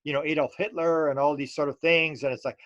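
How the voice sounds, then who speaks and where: Animated, rambling man. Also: a little high, quick pace, dry recording, muffled recording. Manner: rambling, animated, many restarts and fillers. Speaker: UFO researcher guest. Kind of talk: casual storytelling interview.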